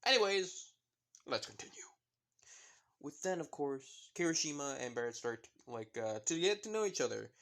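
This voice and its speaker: A man's voice: a little high, animated, moderate pace, a bit bright. A man casually narrating a fan story in a rambling way, full of fillers and apologetic asides.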